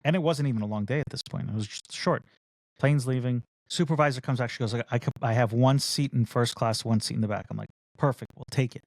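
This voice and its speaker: A man's voice: mid-range voice, quick pace, no echo. Dry, close-sounding man telling a story. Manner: animated storyteller who acts out the other people in his story. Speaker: podcast co-host. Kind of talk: casual chat.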